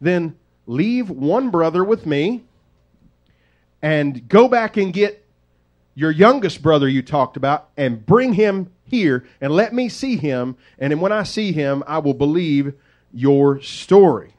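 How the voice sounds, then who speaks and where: A man voicing a stern ruler who lays down slow, commanding terms. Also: fairly high pitch, lively intonation, a little mellow, highs cut off. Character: stern powerful man testing his brothers.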